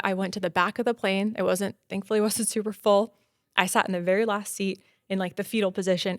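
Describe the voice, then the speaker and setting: A woman in her thirties telling a story as a podcast guest, acting out dialogue and growing loud and high when excited. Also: no echo, clean studio sound.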